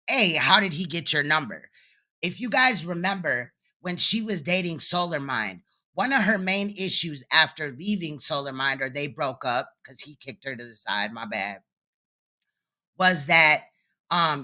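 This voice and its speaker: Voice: medium pitch, sharp tone. A commentator reacting to a livestream clip with blunt, sarcastic and profane remarks.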